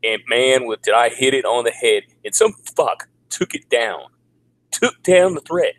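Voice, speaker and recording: Forties male streamer, crude sarcastic ranter, mid-pitched voice, mocks others with high put-on voices. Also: animated, unhurried, a bit bright, no echo, low-quality recording. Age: 40s. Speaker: vlogger. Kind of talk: casual livestream rant. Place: home in the Philippines.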